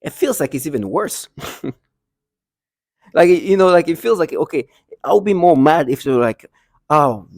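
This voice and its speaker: A man's voice: on the high side, lively intonation, moderate pace, pauses often, darkish tone, no echo, studio quality. A man talking agitatedly to the camera in a rambling monologue, full of restarts and bitter laughs, sometimes dropping to a near whisper. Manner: drops to a near whisper at times. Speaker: vlogger.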